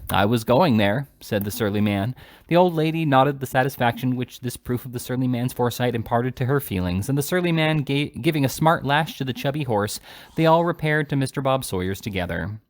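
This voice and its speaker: A man reading a classic novel aloud in an expressive storytelling manner. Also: mid-range voice, a little fast. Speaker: audiobook reader.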